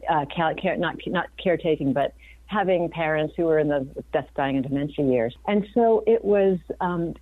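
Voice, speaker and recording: A woman's voice: low-pitched, no room sound. A woman in her fifties, a physician guest on an interview, talking earnestly and reflectively, often restarting her sentences. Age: 50s. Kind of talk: conversational interview. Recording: dry, phone-like remote audio.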